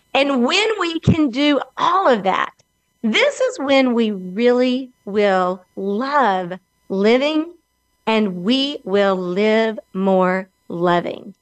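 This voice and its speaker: Southern woman from alabama, middle-aged, slow deliberate delivery, slightly high voice, dry close sound. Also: dry recording. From Alabama, USA. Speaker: podcast host. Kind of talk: scripted motivational talk.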